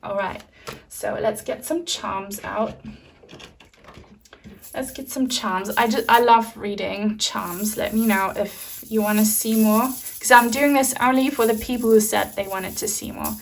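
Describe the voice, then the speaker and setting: A woman talking through a pick-a-card tarot reading in a loose, chatty, reassuring manner. Her voice sits at an ordinary middle pitch and is full of fillers. She is picked up from a little distance, so the mic sounds set back. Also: fairly even intonation, a little slow, creaky, slight background noise. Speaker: tarot reader.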